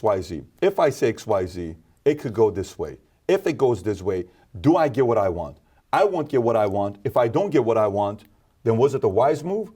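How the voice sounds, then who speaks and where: A man from Iran, a podcast guest and entrepreneur, telling stories and acting out quoted exchanges with sudden jumps in pitch. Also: mellow. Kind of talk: animated storytelling interview talk.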